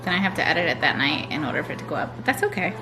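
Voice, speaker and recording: A woman's voice: sits low, expressive, very fast, over music. A young woman vlogging casually at home in her kitchen, chatty and rambling, often restarting her sentences. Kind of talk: casual chat to camera.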